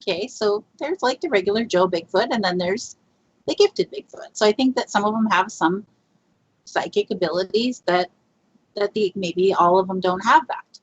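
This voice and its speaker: On a muffled, lo-fi recording, a woman guest on a podcast rambles chattily through a Bigfoot research story, full of fillers and laughter. Her voice sits at a medium pitch with a breathy edge, and she keeps a moderate pace.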